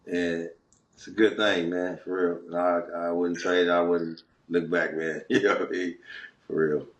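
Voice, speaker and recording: A middle-aged man from Watts, Los Angeles, telling his story as a guest in casual, animated, slangy talk. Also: deep voice, a little slow, dull audio. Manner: animated, slangy, chuckles between phrases. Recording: roomy echo.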